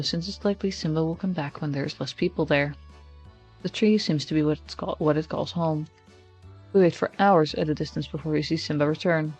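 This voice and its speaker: A man streaming, reading a text game aloud in first person with casual, wry asides. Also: a little high. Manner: casual, wry asides between narrated lines.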